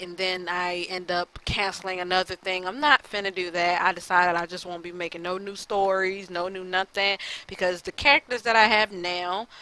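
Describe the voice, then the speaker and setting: A woman with a lowish, forceful, bright voice rants to her viewers, fed up and upset. She talks bluntly and swears freely, stumbling over fillers as she vents. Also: rough recording. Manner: frustrated, blunt and profane, with many fillers. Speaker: gaming YouTuber. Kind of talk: casual rant to the camera.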